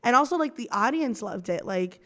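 A woman's voice: on the high side, lively intonation, normal speed, sharp tone. Woman guest, loose rambling chat, laughs easily, studio. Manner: rambling, filler-heavy, laughs often. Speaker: podcast guest. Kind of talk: casual chat.

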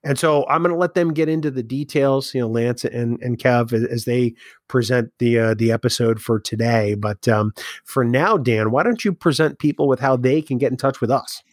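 A man co-hosting a casual podcast, friendly and teasing, often halting with small fillers as he introduces the episode and reads ads. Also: mid-range voice, no echo, clean studio sound. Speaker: podcast co-host.

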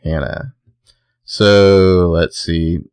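A man with a very deep voice talking through a TV episode in a casual podcast chat. He rambles loosely with lots of fillers and laughs easily. The sound is close and dry. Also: fairly even intonation, extremely slow, a little mellow, clean tone, no room sound. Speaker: podcast co-host.

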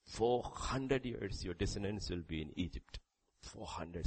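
A man preaching a sermon, reading scripture aloud, with sudden loud rises and quiet drops. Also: deep voice, animated, slow, vocal fry, slightly rough, poor audio. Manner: reads scripture aloud with emphasis.

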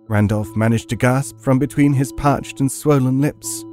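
A man's voice: mid-range voice, normal speed, a little mellow, faint music behind. Theatrical male horror narrator. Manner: vivid, theatrical storytelling with heated outbursts. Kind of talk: dramatic first-person horror narration.

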